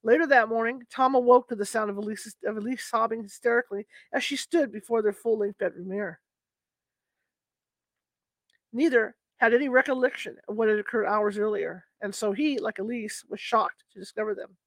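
Reading a book aloud a little fast and with few pauses, this woman has a slightly high voice and an informal, unpolished style. She sometimes stops to fix a mistake and say sorry, with no echo on the recording.

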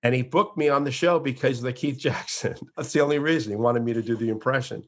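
Male guest, 60s, from Florida, animated storyteller. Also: mid-range voice, fast. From Florida, USA. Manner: animated storyteller with frequent restarts. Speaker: guest, entertainer. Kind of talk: interview conversation.

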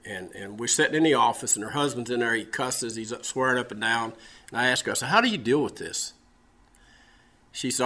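Man, preacher, southern american accent, folksy sermon storytelling, bright forceful voice. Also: medium pitch, lively intonation, brisk. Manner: folksy storytelling, repeats words, laughs at own jokes.

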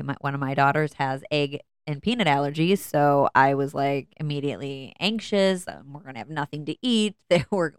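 A woman's voice: deep voice, clear, resonant tone, no echo, studio quality. A woman in her thirties hosting a podcast, candidly telling a self-deprecating story about her kids and laughing often. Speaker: podcast host, mother of four. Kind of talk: casual personal storytelling.

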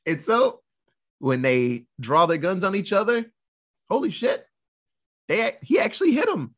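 A man retelling a Western movie in casual chat, quickly acting out the characters' lines and laughing often. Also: high voice, very animated, fairly bright tone.

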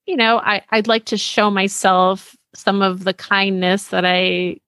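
A woman's voice: mid-range voice, fairly even intonation, unhurried, fairly bright tone, no room sound. A woman being interviewed as a memoir author, speaking reflectively and casually with lots of "like". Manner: reflective, casual, uses "like" often.

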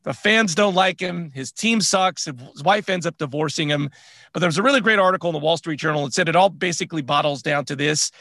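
Man, candid podcast co-host, high bright voice, dry close sound. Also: a little fast, creaky, no echo. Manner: candid, confessional, chatty. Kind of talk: casual chat.

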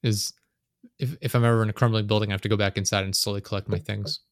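This young podcast host's lowish voice barely moves in pitch as he talks fast, rambling with lots of "like" and swearing in casual chat. The desk-mic recording is clean studio sound with no room sound.

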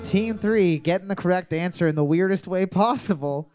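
A man's voice: high voice, normal speed. A man hosting a music trivia night at a bar, joking, laughing often and swearing casually into a handheld mic.

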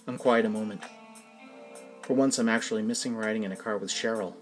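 A man, the podcast host, reading his own first-person story in a plain, even manner. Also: fairly low pitch, brisk, faint music behind. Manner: plain, even storytelling, casual asides in the outro.

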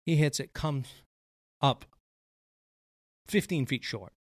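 A man's voice: mid-range voice, takes it slowly, dry recording. A man who works at a golf course, telling a story in casual chat, swearing often and acting out the golfers' voices.

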